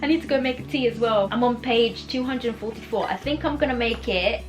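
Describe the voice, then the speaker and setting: A young woman in a casual reading vlog at home, chatting with animated, exasperated energy and laughing between thoughts. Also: a little high, brisk. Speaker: book vlogger. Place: home room in the evening. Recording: voice a bit far from mic with music.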